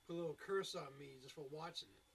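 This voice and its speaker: A man's voice: fairly high pitch, fast talker, gravelly, crowd noise, poor audio. A man co-hosting a podcast in casual chat, rambling through long explanations with restarts. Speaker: podcast co-host. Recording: hissy background noise.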